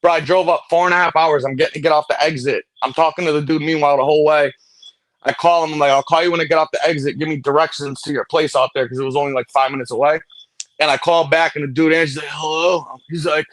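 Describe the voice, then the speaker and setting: A man tells a long, profane story at a rapid clip. His voice sits a little high for a man, and the sound is dry and close to the mic. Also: steady tone, fairly bright tone, no room sound. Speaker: host. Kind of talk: casual late-night storytelling chat.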